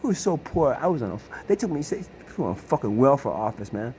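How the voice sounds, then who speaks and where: A man's voice: medium pitch, sing-song, quick pace, mellow, slight background noise, low-quality recording. A middle-aged man from Queens, New York, rambling agitatedly through a profane, stammering personal monologue. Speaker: vlogger.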